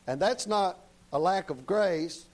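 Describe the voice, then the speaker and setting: A male preacher delivers a sermon in a folksy, down-to-earth manner. His voice sits slightly high for a man. He keeps turning to the congregation with short tag questions. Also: slow, darkish tone, poor audio.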